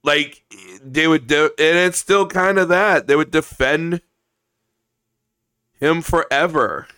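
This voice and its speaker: Male co-host, smooth voice, blunt joking chat. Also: a little high, takes it slowly, pushed and bright. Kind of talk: casual podcast chat.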